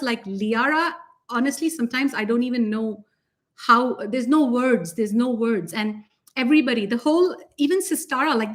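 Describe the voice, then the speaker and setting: A woman with a fairly high voice talks in an excited, gushing way, laughing often as she co-hosts a casual spiritual chat. Her energy runs high, and her voice sometimes drifts a little farther from the mic. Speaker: spiritual teacher and co-host.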